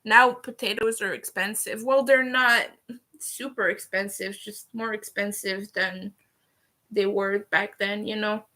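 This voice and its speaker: A woman's voice: medium pitch, steady tone, measured pace, pushed and bright. A Canadian woman hosting a casual livestream while she crochets, chatty, laughing often and swearing casually. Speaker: livestream host.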